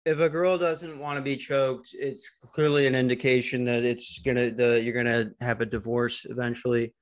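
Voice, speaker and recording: A man hosting a podcast, doing a deadpan mock news anchor routine in casual banter. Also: mid-range voice, normal speed, no echo, clean studio sound. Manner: deadpan fake-newscaster delivery. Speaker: podcast host.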